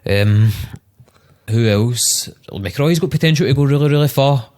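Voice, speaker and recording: A man's voice: medium pitch, a little slow, darkish tone. A Scottish man, a rapper, guesting on a podcast in laid-back, sweary chat full of "know what I mean".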